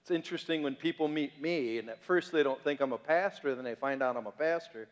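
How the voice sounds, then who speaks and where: A man's voice: fairly high pitch, fairly quick. A man preaching as a pastor, conversational and joking, full of rhetorical questions to the congregation. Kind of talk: sermon. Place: church sanctuary. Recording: reverberant church hall.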